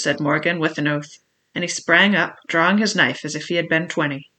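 A reader giving steady first-person audiobook narration of an adventure novel. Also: medium pitch, moderate pace.

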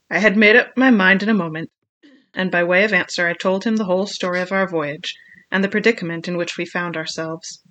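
An audiobook narrator reading a first-person adventure story in a measured, expressive way. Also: medium pitch.

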